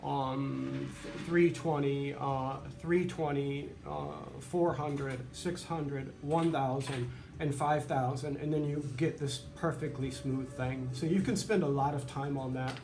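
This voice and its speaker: A man's voice: medium pitch, steady tone, slow, gravelly, a little mellow, roomy sound. A man who makes violins, explaining his work in a rambling, chatty way full of fillers and asides. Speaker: violin maker. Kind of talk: casual workshop tutorial. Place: humid workshop near the beach.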